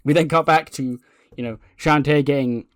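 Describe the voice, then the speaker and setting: A man's voice: a little high, steady tone, moderate pace, no room sound, clean studio sound. A man casually narrating a game playthrough in a rambling way, laughing often. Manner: rambling, laughing, lots of fillers. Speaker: game streamer.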